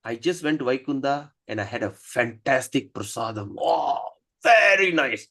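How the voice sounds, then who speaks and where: A man's voice: medium pitch, sing-song, normal speed, a bit bright, voice pushed down. A man voicing a cheerful, forgetful male sage who turns meek and sheepish when caught out. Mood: delighted.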